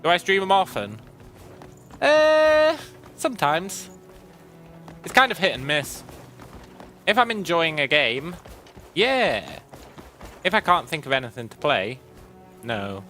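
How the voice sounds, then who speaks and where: A man streaming a video game, chatting wryly with viewers and often clearing his throat. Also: a little high, big pitch swings, slow pace, pauses often, pushed and bright, soft background music. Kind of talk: casual gameplay commentary.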